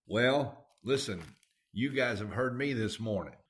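A man's voice: medium pitch, measured pace, fairly bright tone. A man with a Southern accent preaching a sermon, folksy and emphatic, with plain everyday grammar.

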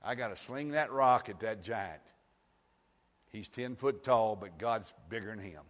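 A man preaching a sermon, firing rhetorical questions and rising to shouts. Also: fairly low pitch, a little slow, long reverb tail. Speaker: pastor. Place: church sanctuary.

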